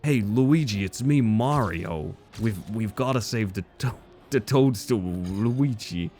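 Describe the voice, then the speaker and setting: A man doing a deliberately hammy, low-effort impression of a cheerful Italian plumber. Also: expressive, darkish tone, slight background noise. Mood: goofy.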